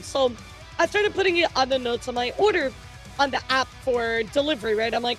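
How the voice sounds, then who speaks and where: A woman streamer chats casually with her viewers, telling animated stories and swearing freely. Her voice sits fairly high, with faint music underneath. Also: brisk. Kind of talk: casual livestream chat.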